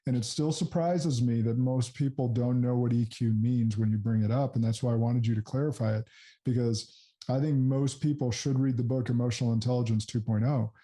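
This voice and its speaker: A man in his thirties hosts a podcast in an earnest, reflective way, often affirming his guest. His voice is very mellow and warm, and he sits at a middling pitch. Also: steady tone, brisk. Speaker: podcast host. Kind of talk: casual interview chat.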